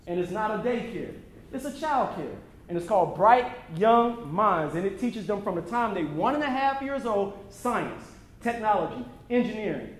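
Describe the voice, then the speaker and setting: High-pitched man preaching in an echoey hall. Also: a bit bright, a little hiss or hum. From United States. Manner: preacherly, emphatic, building repetition. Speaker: speaker at a documentary screening. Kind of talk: impassioned motivational speech. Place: event venue before an audience.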